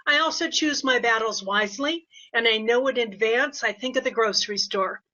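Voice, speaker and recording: Older lady chatting on a podcast, kinda high voice, acts out little quotes, muffled audio. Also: moderate pace. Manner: animated storytelling with quoted voices. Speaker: behavior consultant guest. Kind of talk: casual podcast interview. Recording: dull lo-fi audio.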